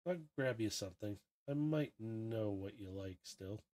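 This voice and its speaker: A man voicing a gentle, newly freed young female robot in a tabletop game, speaking softly and hesitantly. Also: lowish voice, lively intonation, unhurried. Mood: playful.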